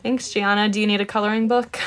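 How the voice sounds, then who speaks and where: A woman's voice: medium pitch, little pitch movement, brisk, soft background music. A woman chats loosely on a live stream as she shows her coloring pages. She greets viewers by name, swears casually, and giggles now and then. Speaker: livestreamer. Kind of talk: casual livestream chat.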